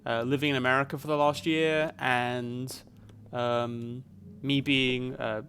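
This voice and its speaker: A man with a softened Essex accent, chatting casually to viewers while streaming a game, rambling with plenty of fillers. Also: medium pitch, flat delivery, takes it slowly, slight background noise. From Essex, England. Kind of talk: casual live gameplay chat.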